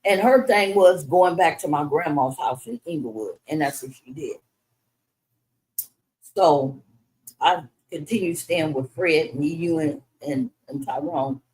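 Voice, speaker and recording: A woman's voice: sits low, a little slow, a little mellow, rough recording. A middle-aged woman telling her son her life story, frank and conversational, with frequent restarts. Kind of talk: candid personal storytelling in conversation.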